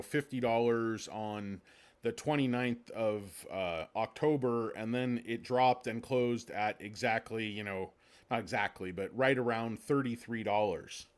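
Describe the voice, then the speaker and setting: Male livestream host, rambling and sarcastic, crude humor, mid-pitched voice. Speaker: stock market livestream host. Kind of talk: casual livestream commentary.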